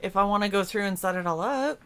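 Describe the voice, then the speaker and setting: A woman hosting a casual stream, easygoing and reassuring toward her friends. Her voice is mid-pitched, with light background noise. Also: fast talker, fairly bright tone. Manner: reassuring, laid-back. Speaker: stream host. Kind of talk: casual chat.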